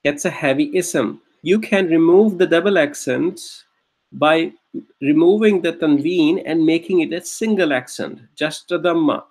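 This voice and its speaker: A man's voice: on the high side, a little slow, a little mellow. A man teaching an online grammar class, patiently repeating each point and checking that students follow. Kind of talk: online Arabic grammar lesson.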